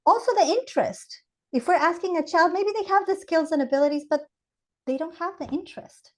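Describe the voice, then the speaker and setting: A high-pitched woman with an Ecuadorian Spanish accent, speaking as a guest educator. She explains things animatedly and acts out little scenes to make her point. Her talk is conversational and lively. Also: a little fast. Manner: animated, explains with acted examples. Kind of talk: conversational podcast interview.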